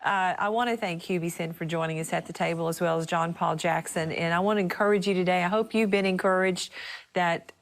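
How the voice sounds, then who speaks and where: A woman's voice: lowish voice, steady tone, fairly quick. A woman hosting a talk show, wrapping up with encouraging words to viewers. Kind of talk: closing a Christian talk show.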